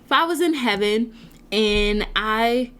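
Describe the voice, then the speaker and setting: This woman talks with fervent, preacher-like earnestness, firing off rhetorical questions at the people watching. Her voice sits a little on the high side. It is a faith-based motivational talk delivered straight into a camera mic. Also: lively intonation, takes it slowly, fairly bright tone, clean tone. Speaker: motivational speaker and nonprofit founder.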